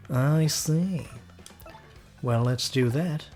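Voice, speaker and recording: A man's voice: mid-range voice, animated, normal speed, darkish tone, soft background music. A man hosting a let's play, making dry, wry asides while he plays. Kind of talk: gameplay commentary.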